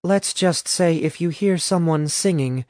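A man voicing a sharp-tongued young female student who can read minds and scolds bluntly in a storybook reading. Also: on the low side, unhurried, no echo, studio quality, pitched above the performer's own voice, natural voice. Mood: scolding.

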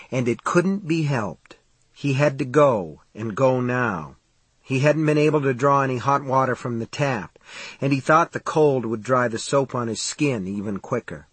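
A man narrating an audiobook in a steady, measured storytelling voice. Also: medium pitch, husky, no echo.

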